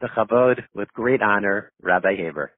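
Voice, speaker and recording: Low-voiced man hosting over a phone line. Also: breathy edge, no room sound. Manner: formal, measured. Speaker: host of a daily prayer call. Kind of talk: formal announcement and introduction. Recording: tinny dry phone line.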